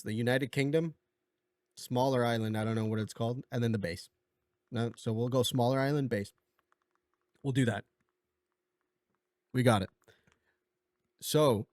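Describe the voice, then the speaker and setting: A man's voice: medium pitch, no echo, clean studio sound. A man casually recapping a movie plot for a video essay, rambling with lots of fillers and a slight cough. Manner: rambling, filler-heavy, slips into goofy impressions. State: coughing a bit.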